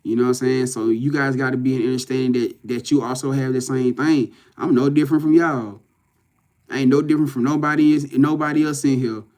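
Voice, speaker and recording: A man's voice: mid-range voice, steady tone, fairly quick, darkish tone. A man, talking loosely to livestream viewers as a spiritual reader, swearing and often saying "you know what I'm saying". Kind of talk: casual livestream talk to viewers. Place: in front of a camera at home.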